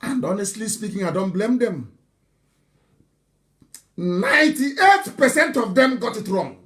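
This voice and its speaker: Man, high voice, live broadcast speech, impassioned, mocking, shouts now and then, repeats himself. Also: animated, unhurried. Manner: restarts and repeats words. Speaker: movement leader addressing followers.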